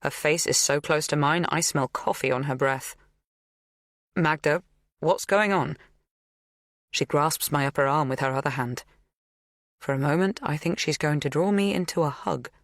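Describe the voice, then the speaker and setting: A woman narrating an audiobook in a measured, even reading. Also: low-pitched, dry recording, studio quality. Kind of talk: scripted first-person narration.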